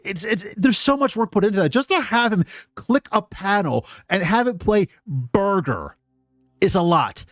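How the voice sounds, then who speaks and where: A man's voice: medium pitch, no room sound, studio quality. A Scottish man giving casual live-stream commentary, rambling and profane, with many restarts.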